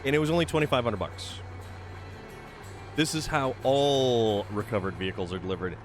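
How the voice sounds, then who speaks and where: Faint music plays behind a man streaming a truck game, who chats casually and rambles to himself about what he's doing, self-amused and muttering. His mid-range voice moves at a normal speed, with frequent pauses.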